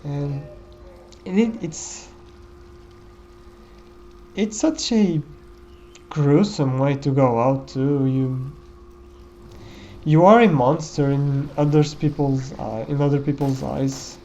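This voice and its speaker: A man's voice: fairly high pitch, slow pace, pauses often, dark tone, lo-fi sound, slight background noise. A man giving casual gameplay commentary in a reflective, musing way, often tagging his thoughts with "you know.".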